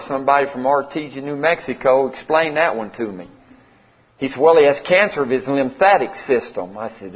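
A man's voice: mid-range voice, expressive, brisk. A middle-aged man, preaching a sermon in a folksy, conversational way and acting out the dialogue of a story. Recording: slightly dull lo-fi sound.

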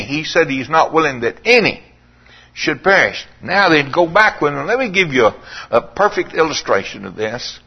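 A man preaching a sermon in a dramatic, drawn-out way, sometimes dropping to a hushed, pleading tone. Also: fairly high pitch, expressive, breathy edge. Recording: dull lo-fi sermon recording.

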